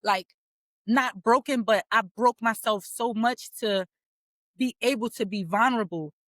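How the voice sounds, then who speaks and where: A woman's voice: fairly high pitch, measured pace, fairly bright tone, dry recording. A woman in her thirties from Philadelphia, a podcast guest who talks candidly about herself, laughing easily as she retells her experiences. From Philadelphia, USA. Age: 30s. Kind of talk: casual personal storytelling.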